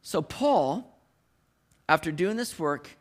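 A man delivers a sermon in a relaxed, talky way, stumbling over and restarting his phrases. His voice sits high for a man, and he throws in everyday slang as he explains the story. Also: takes it slowly. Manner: conversational, frequent restarts, modern slang asides. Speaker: preacher.

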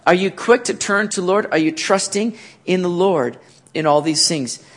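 Male pastor, high-pitched, animated preacher who asks rhetorical questions and now and then nearly shouts. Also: normal speed. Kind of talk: sermon.

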